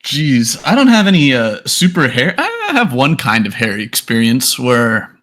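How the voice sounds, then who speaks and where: Brief: young male co-host, crude jokey banter, bright edgy voice. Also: mid-range voice, huge pitch swings, moderate pace. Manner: crude jokey interjections, swearing. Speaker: podcast co-host. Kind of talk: casual banter.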